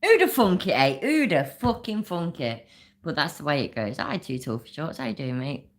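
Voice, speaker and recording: A woman's voice: sits low, very animated, normal speed. A woman hosting a reaction commentary, mocking and sarcastic, swearing freely. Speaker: channel host.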